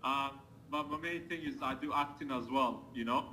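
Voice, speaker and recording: A man, an attendee on a video call, talking excitedly and breathlessly. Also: medium pitch, moderate pace, a little hiss or hum, low-quality recording. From London. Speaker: webinar attendee.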